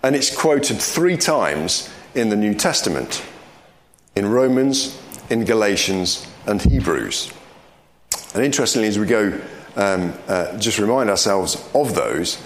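A man's voice: lowish voice, animated, measured pace, roomy sound, slight background noise. A man leading a Bible study, explaining scripture and reading verses aloud. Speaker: Bible teacher.

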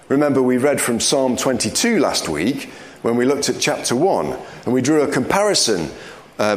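A man's voice: lowish voice, echoey room. A man leading a Bible study, explaining scripture and reading verses aloud. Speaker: Bible teacher.

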